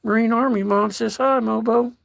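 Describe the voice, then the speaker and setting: An older American man hosting a casual livestream, reading out chat messages in a slow, folksy way and calling viewers darling. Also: extremely high pitch, steady tone, vocal fry, fairly bright tone. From United States.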